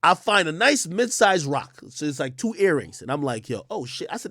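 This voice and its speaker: A man's voice: fairly high pitch, big pitch swings, normal speed, fairly bright tone, no echo, studio quality. A man streaming and telling a long profane story, laughing often and acting out each side of the conversation. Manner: profane, laughing, acts out both sides of the dialogue. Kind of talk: animated storytelling on a livestream.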